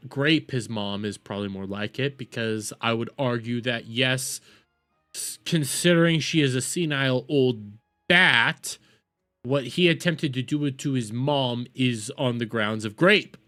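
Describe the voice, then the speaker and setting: A man's voice: medium pitch, pushed and bright. A young man casually reacting to clips on a stream, crude and swearing, repeating his words as he goes.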